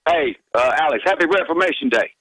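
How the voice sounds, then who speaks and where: Rambling caller with a lively voice. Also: male voice, on the high side, fairly quick, no room sound, low-quality recording. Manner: chatty and rambling, with many fillers. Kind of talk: phone-in call to a radio show.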